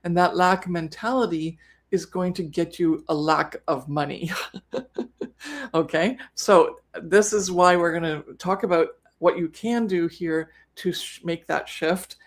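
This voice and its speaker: A woman hosts a live online business session in an easygoing, talkative way. Her voice sits a little low, and she often backtracks and rephrases as she goes. It sounds like she is recording from home. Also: measured pace. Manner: chatty, self-correcting, trips over words. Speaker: co-host of a live business webinar. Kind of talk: casual live-stream teaching.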